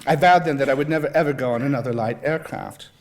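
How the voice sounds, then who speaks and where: A man's voice: mid-range voice, fast. A man giving a talk, telling a humorous travel story and reading a passage aloud in a wry, self-deprecating way. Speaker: guest speaker.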